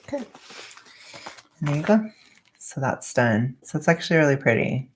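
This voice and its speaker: A young woman vlogging at home, chatting casually and rambling in a soft-spoken way while she wraps gifts. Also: sits low, very animated, normal speed, slight background noise.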